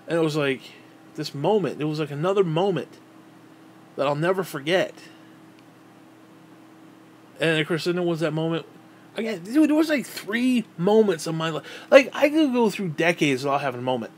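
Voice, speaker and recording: Slight background noise accompanies this man, a vlogger in his thirties whose voice runs a little high. Telling a childhood memory, he meanders casually, swearing a lot and tripping on words he repeats.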